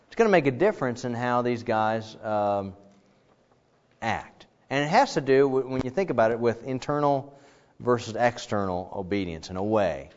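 A middle-aged man teaching a Bible class in a casual, animated way, acting out the quoted dialogue. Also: medium pitch. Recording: dull lo-fi sound with long reverb.

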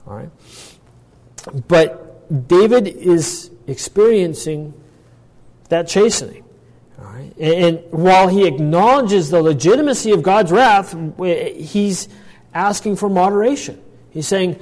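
A man's voice: sits high, expressive, takes it slowly, a little mellow. A man teaching a Bible passage as a pastor, thoughtful, often restarting and explaining phrase by phrase. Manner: thoughtful, with frequent restarts and asides. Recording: echoey hall with long reverb.

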